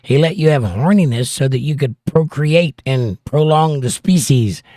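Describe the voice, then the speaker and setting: A man's voice: on the high side, animated, normal speed, warm tone, no room sound. Southern guy hosting a live stream, reads chat out and jokes back, plain dry sound. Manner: joking, reads viewer comments aloud and answers them. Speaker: livestream host. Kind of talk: casual chat.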